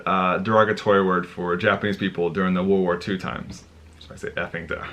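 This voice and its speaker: A man vlogging, telling a rambling, animated story with many restarts. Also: medium pitch. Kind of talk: casual storytelling to camera.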